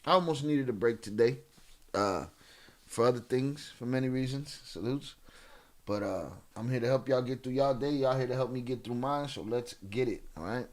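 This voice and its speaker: A man's voice: mid-range voice, normal speed. Laid-back man hosting a live stream. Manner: laid-back, slangy, giving viewers shout-outs. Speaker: livestream host. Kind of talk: casual live-stream chat.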